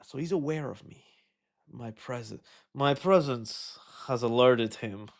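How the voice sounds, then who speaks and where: A man hosting a casual live stream, answering chat questions in a rambling, jokey and animated way. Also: medium pitch, unhurried. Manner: rambling, animated, jokey, puts on silly voices.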